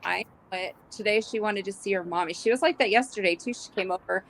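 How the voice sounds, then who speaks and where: A woman's voice: mid-range voice, fast, poor audio. Grandmother-age woman reading viewer comments. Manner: relaxed and agreeable, quoting viewers. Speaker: co-host.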